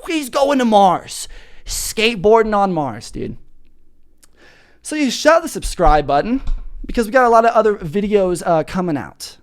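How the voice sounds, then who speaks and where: Young male podcast host from Florida, profane and goofy, pitch swinging wide as he riffs. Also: big pitch swings, moderate pace. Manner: profane, hyped, goofy bits with bro slang. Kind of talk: rambling comedic monologue.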